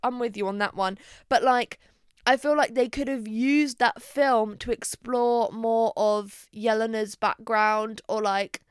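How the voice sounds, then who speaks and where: Young woman vlogger, casual and sweary, smooth clear voice, fairly high, close and dry. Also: fairly even intonation, no echo. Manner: chatty, swearing, quick asides; playful, dramatic exclamations. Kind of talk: casual chat to camera.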